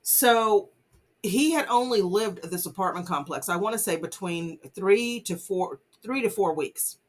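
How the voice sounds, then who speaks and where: A female vlogger offers casual commentary on a news case, speaking earnestly and peppering her talk with fillers like "you know" while urging listeners not to judge. Her mid-range voice is expressive and a bit slow.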